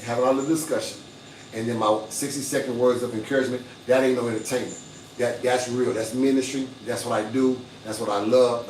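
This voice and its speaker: A man's voice: medium pitch, recorded from a distance, a little hiss or hum. An older man hosting a casual livestream, boastful and hustling, with a preachy streak. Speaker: livestream host. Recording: echoey room, off-mic.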